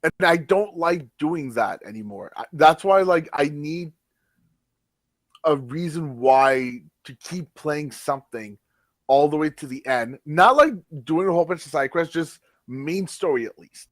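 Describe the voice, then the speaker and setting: A French Canadian man on a podcast, talking a little high for a man, recorded close and dry with no room around him. He rambles, filling pauses with "like" and restarting his sentences as he goes. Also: expressive, no room sound. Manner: rambling, filler-heavy, hesitant restarts. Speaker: guest. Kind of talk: casual podcast chat.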